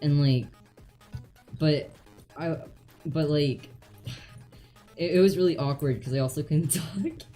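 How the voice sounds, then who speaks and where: Woman, very deep voice, hesitant storytelling, dark tone, faint music behind. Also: slow pace, long pauses. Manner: hesitant storytelling, lots of fillers and giggles. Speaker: vtuber stream host. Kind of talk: casual chat.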